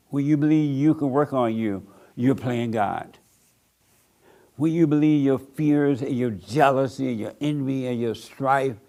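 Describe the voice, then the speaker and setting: An older man preaching a blunt sermon to a small group, mocking people by acting them out in a higher voice. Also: creaky, a little mellow. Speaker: pastor.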